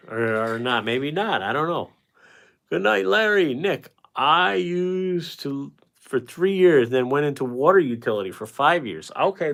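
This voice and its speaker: A man hosting a painting livestream, chatting casually and rambling as he reads out viewer comments and answers them. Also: mid-range voice. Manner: talkative, chummy with viewers.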